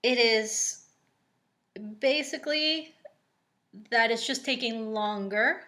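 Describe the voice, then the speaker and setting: A woman giving an oracle card reading in a relaxed, chatty way, with many ums and likes. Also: fairly high pitch. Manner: slow and unhurried. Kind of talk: casual spoken card reading.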